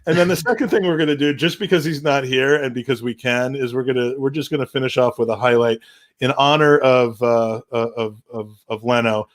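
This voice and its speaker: A man's voice: medium pitch, fairly quick. Rambling man hosting a podcast. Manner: rambling, many restarts, wry humor. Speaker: podcast host. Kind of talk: casual podcast chat.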